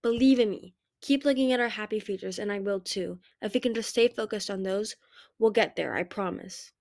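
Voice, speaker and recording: A woman's voice: mid-range voice, fairly quick, darkish tone, no room sound, lightly acted. Woman reader doing a brooding young male dragon for a storybook, earnest and pleading, dry close sound.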